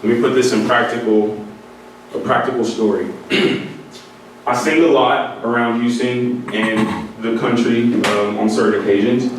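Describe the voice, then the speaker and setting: A man's voice: mid-range voice, steady tone, unhurried. Earnest man in an echoey hall. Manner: earnest, candid, breaks into laughter. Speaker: speaker addressing music students. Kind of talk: motivational talk. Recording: echoey hall, voice from far off, faint noise.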